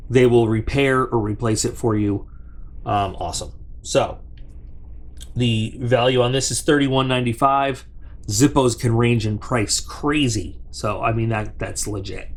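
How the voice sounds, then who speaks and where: A man of middling pitch hosts a casual unboxing review and talks straight to his viewers. He rambles in a chatty way, doubles back on himself, and drifts into side remarks before returning to the item in his hands. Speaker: product reviewer and channel host.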